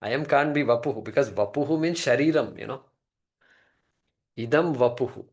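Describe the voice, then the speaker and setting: A man's voice: medium pitch, brisk. A man giving a classroom lecture on a Sanskrit text, explaining word by word and posing rhetorical questions. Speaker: scripture teacher.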